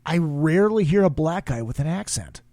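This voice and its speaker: A man in his thirties from Minnesota hosts a casual talk show. His voice sits somewhat high, his manner is loose and jokey with plenty of swearing, and the sound is close and dry. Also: lively intonation, moderate pace, warm tone, no room sound. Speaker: podcast host. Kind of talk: casual interview chat.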